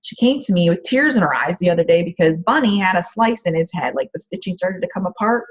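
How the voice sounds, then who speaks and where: A woman's voice: lowish voice, lively intonation, fast talker, breathy edge. A woman coach giving casual, rambling advice on a group call from her home office, with frequent "um" fillers. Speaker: empath coach.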